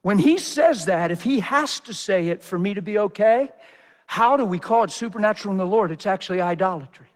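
A man's voice: sits high, lively intonation, brisk. A man preacher giving a sermon, talking in an emphatic, intense way.

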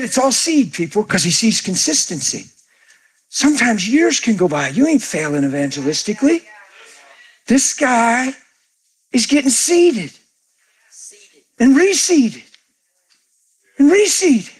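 Man, high voice, very animated pitch, excitable storyteller, laughs a lot, acts out dialogue. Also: normal speed, slightly rough. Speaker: guest telling evangelism stories.

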